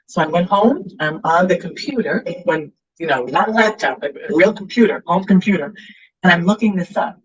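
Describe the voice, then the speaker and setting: Middle-aged woman telling her story, husky voice. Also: on the low side, moderate pace. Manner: animated, acts out quoted voices. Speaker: guest author. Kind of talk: personal storytelling. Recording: muffled, lo-fi sound.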